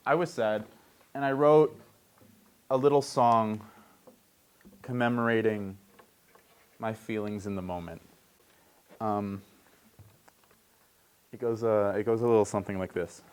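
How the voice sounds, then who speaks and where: A man's voice: medium pitch, steady tone, takes it slowly, long pauses, clear, resonant tone. Wry young man hosting comedic sports news. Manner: wry, joking asides. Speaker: sports report host.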